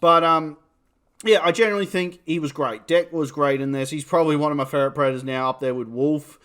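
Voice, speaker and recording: A man's voice: fairly high pitch, fairly even intonation, quick pace, fairly bright tone. A man with a New Zealand accent, casually reviewing a film, rambling and swearing as he talks. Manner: rambling, swears, laughs at himself. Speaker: movie reviewer.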